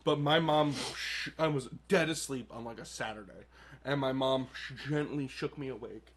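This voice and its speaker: A man's voice: mid-range voice, moderate pace. A young man in his twenties hosting a casual podcast chat, telling a story with much laughter and acting out what people said. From Detroit area. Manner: laughing storyteller, acts out quotes. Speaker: podcast host.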